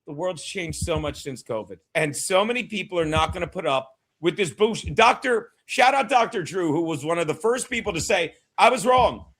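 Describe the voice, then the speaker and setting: A man hosting a casual political chat show, loud and emphatic, joking and shouting his punchlines. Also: on the high side, expressive, fairly quick, hardly any pauses. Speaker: podcast host.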